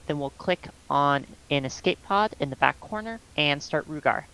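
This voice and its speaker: Low, smooth-voiced woman leading a raid. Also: normal speed, rough recording. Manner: calm, instructive, with many ums. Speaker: raid leader. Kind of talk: explaining game tactics on voice chat.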